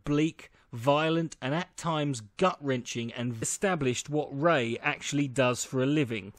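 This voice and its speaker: A man narrating a film review from a script, measured and posing rhetorical questions. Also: on the high side, dry recording, clean studio sound.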